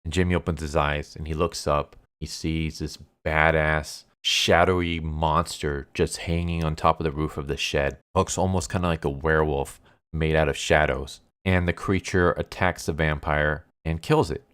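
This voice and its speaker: Low smooth-voiced man recapping casually. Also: fairly even intonation, moderate pace, fairly bright tone. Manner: loose and chatty, full of "like" and "uh". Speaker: manga recap narrator.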